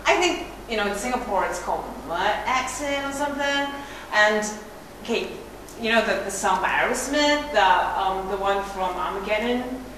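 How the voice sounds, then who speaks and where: A woman's voice: mid-range voice, animated, normal speed, fairly bright tone, close to an everyday voice. An actress playing a boastful young woman auditioning, chatty and rambling with many fillers. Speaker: audition candidate. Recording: echoey room with background noise.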